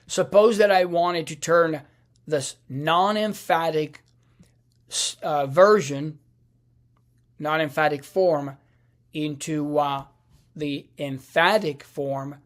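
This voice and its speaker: A man teaching a language lesson over slides, speaking slowly with many fillers and restarts. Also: a little high, fairly even intonation. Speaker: Italian teacher.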